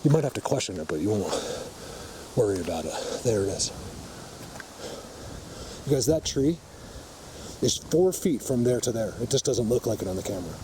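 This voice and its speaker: Very animated yet at a moderate pace, a lowish-voiced Bigfoot vlogger pauses often as he emphatically addresses viewers on a forest walk. The camera mic catches noisy outdoor ambience and a faint vehicle.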